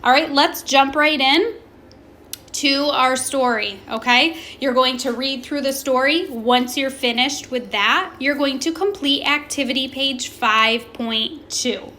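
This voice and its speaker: A woman teaching a recorded class, slowly modelling pronunciation and asking questions. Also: sits high, pushed and bright, slight background noise. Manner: slow, deliberate, stretches words to model pronunciation; asks questions and pauses for students. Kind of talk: recorded remote classroom lesson.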